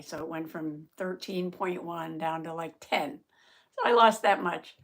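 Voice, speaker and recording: A woman chats with her viewers on a live stream in an unhurried, mid-pitched voice. She sounds short of voice and a little out of breath. She laughs often and greets viewers by name. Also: a bit bright. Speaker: journaling vlogger hosting a live stream. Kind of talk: casual live-stream chat.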